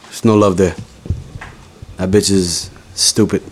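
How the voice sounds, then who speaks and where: A man's voice: sits low, steady tone, slow pace. A young man joking profanely in a casual podcast chat. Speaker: podcast co-host.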